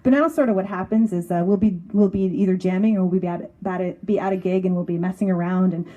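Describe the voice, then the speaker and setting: A woman's voice: on the low side, steady tone, fast talker, narrow, tinny audio. A Canadian woman guest from a band, chatting upbeat on an outdoor porch and laughing easily. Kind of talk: casual interview.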